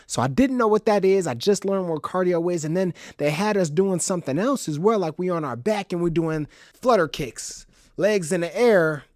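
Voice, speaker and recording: A young man from the Chicago suburbs hosts a solo podcast and spins stories with animated, comic exaggeration and casual slang. His voice sits a little high for a man. It sounds dry and close. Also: no room sound. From Chicago's South Side suburbs, Illinois. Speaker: podcast host. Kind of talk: solo storytelling monologue.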